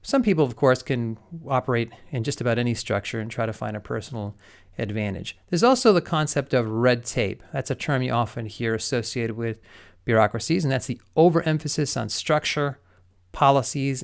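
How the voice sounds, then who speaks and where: Man with a gravelly, smooth voice. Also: mid-range voice. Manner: methodical, counts through numbered points with examples. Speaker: lecturer. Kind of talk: explanatory lecture.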